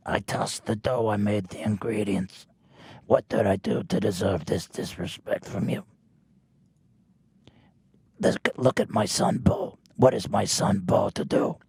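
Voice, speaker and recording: A man voicing a mock Italian mafia boss with a put-on Italian accent, gravelly and halting, who keeps complaining that he gets no respect. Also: lowish voice, darkish tone, no echo, exaggerated voice. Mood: indignant. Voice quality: gravelly, halting, repeating himself. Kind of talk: comedic impression on a podcast.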